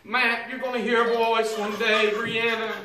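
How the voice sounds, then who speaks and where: A man's voice: extremely high pitch, level tone, unhurried, sharp tone, a little hiss or hum. Older male preacher in echoey church. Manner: chanted, sing-song preaching that rises into song. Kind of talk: sermon. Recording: echoey hall, voice from far off.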